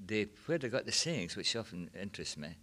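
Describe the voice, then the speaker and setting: Older scottish guy reminiscing, low voice, rambles on with lots of you know. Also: big pitch swings, brisk, fairly bright tone. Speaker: reminiscence group member. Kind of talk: casual storytelling.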